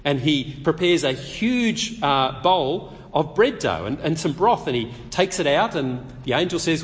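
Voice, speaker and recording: A man preaching a sermon, telling the story lively and acting out the quotes. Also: a little high, a little slow, few pauses, long reverb tail.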